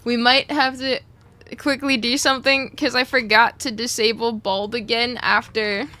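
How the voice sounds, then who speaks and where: Bright, high-voiced woman streamer. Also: flat delivery, moderate pace. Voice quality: slightly muffled from a cough drop in her mouth. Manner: chatty, greets chat over and over. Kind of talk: casual live-stream chat while gaming.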